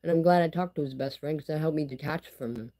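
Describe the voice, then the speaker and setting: Candid rambling woman, mellow voice. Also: low-pitched, fast, poor audio. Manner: candid, rambling, full of fillers like "you know" and "like". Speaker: vlogger. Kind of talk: casual personal vlog monologue.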